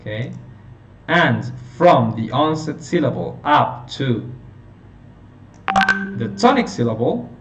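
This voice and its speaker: A man teaching a phonetics lesson, explaining slowly and checking in with his listeners. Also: medium pitch, animated, a bit bright. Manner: slow, explanatory, checking in with "okay?". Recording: roomy, distant, dull lo-fi sound with faint hiss.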